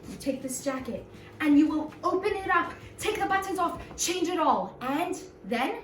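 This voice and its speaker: A woman voicing a calm, wise old male rabbi who gives quiet advice, in an echoey room with a distant mic and faint music. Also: very high voice, moderate pace, voice pushed up. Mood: advising.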